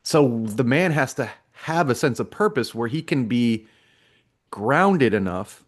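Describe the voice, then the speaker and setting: A man co-hosting a podcast, explaining points in a measured way. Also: mid-range voice, expressive. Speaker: podcast co-host. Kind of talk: casual chat.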